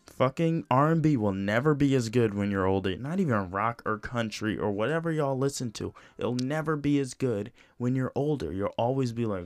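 A young man hosts a solo podcast, talking casually and profanely as he rambles, full of "you know" and restarts. His mid-range voice moves at normal speed, and there's no room sound.

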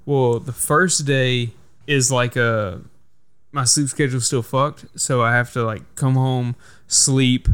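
A man's voice: medium pitch, steady tone, takes it slowly, fairly bright tone, clear, resonant tone. A man hosting a casual podcast, telling stories in a heated, profane way. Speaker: podcast host.

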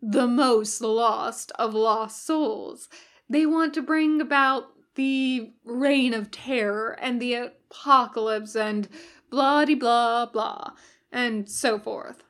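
A woman's voice: a little high, slow pace, fairly bright tone. A woman reading a story aloud, voicing a cheerful, sly male demon with a breezy, chatty manner.

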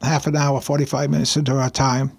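A man who is a pastor, telling a personal story on a radio show in an earnest, halting way with many restarts. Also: mid-range voice, level tone, darkish tone. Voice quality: gravelly, husky voice.

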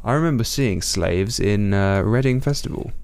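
A man's voice: on the low side, lively intonation, moderate pace, a little mellow, clear, resonant tone. A young man co-hosting a podcast in casual chat, talkative and easily amused. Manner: chatty, easily amused, wraps up the show. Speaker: podcast co-host.

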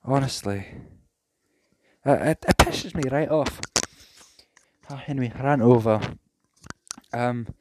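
A man's voice: medium pitch, takes it slowly, long pauses, a little hiss or hum. A young man, ranting casually and cheekily in a solo podcast from his bedroom. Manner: rambling, sweary, cheeky. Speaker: podcast host.

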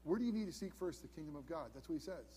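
A man in his fifties preaching a sermon as pastor, earnest, dropping to hushed emphasis on key points. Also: a little high, expressive, very fast, in a large hall, a little hiss or hum. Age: 50s. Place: church sanctuary.

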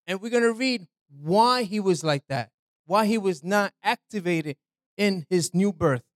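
A man's voice: high-pitched, animated, measured pace, no room sound. A man preaching an informal sermon in a loose, conversational way, often asking his listeners "right?" and dropping "man" into his talk. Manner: slangy, repeats "man" and "right".

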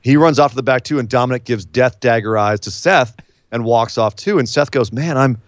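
A man's voice: medium pitch, a little fast, dry recording, dull audio. A man co-hosting a podcast, recapping wrestling in casual chat and acting out quotes in voices. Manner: animated, acts out quotes in voices. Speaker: podcast co-host.

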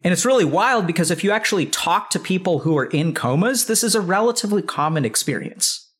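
A high, slightly bright voice with a breathy edge and lively intonation belongs to this fast-talking man. He's a thirtysomething psychiatrist guesting on a podcast, spinning a long, rambling, casual story loaded with "like" and swearing.

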